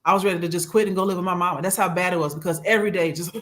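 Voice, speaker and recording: A man co-hosting a casual political chat show, animated and jokey, with gasps thrown in for effect. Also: high voice, very fast. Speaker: podcast co-host.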